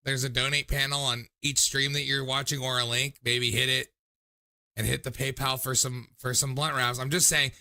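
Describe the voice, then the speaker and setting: Male stream host, tipsy and loose, profane rambling chat, sharp bright tone. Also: medium pitch, flat delivery, moderate pace. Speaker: livestream call-in show host. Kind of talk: casual livestream chat.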